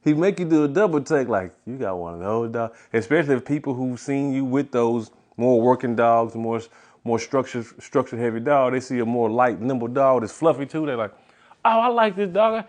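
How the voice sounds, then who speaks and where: A man hosting a casual interview, asking questions in a relaxed, slangy way and often speaking softly. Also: medium pitch, brisk. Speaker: interview host.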